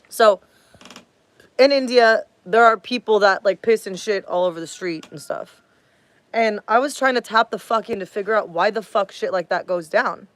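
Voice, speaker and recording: A woman's voice: mid-range voice, dry recording. A woman from the United States ranting on a livestream in a profane, rambling way, losing her train of thought. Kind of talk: casual livestream rant.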